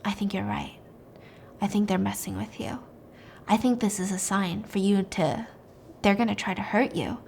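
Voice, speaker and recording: A woman voicing a male detective who speaks in a low-key, matter-of-fact, hushed way. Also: normal speed, vocal fry, pauses often, slight background noise, close to an everyday voice. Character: cool, knowing male detective.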